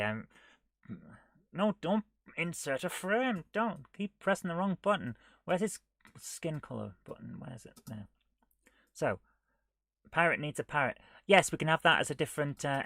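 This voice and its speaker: A man streaming himself coding a retro game live, thinking aloud, muttering half to himself and scolding his software. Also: a little high, no echo, clean studio sound. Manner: muttering to himself while he works, often dropping to a near whisper; chatty and self-mocking, scolding the software.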